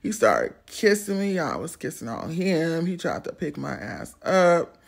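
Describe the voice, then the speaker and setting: A woman telling a storytime, blunt, profane and animated. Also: low-pitched, unhurried. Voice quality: gravelly and husky. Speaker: storytime vlogger. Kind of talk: casual storytelling.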